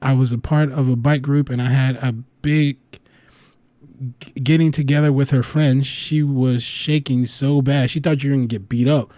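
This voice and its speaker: This livestream host, a man from the US, speaks at normal speed in a mid-range voice with no room sound. He chats casually, telling loose, rambling stories, laughing often, swearing freely, and restarting his sentences.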